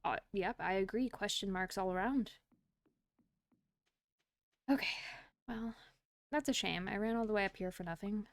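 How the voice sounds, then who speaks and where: A woman's voice: mid-range voice, normal speed, long pauses, dry recording. A woman streamer chatting casually while playing a farming game, rambling and laughing often, with the hiccups. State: has the hiccups. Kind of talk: casual gameplay chat.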